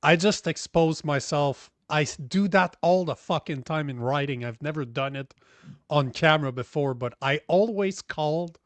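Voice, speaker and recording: Man, co-host, crude, mocking, high pitch, dry close mic. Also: normal speed, dry recording. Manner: crude, mocking, self-deprecating. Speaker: podcast co-host. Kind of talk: casual political commentary.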